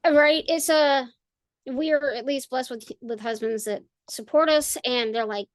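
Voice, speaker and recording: A middle-aged woman with a high voice, talking in a casual podcast chat. She swears freely and rants with heavy emphasis. The recording is close and dry. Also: moderate pace, no room sound. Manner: profane, ranting and emphatic. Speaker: podcast co-host.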